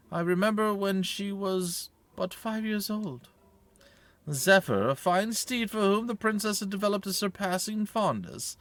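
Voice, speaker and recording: A man's voice: high voice, a bit bright, no room sound, voice pushed up, full character voice. A man putting on a stately old knight. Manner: archaic formal speech, slow and stately. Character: older male knight, loyal, protective, old-fashioned. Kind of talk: reading game dialogue aloud.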